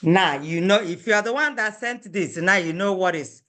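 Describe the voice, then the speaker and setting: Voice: mid-range voice, moderate pace, bright, forceful tone. An Igbo language teacher giving a lesson, patiently repeating each phrase and checking in with "okay?".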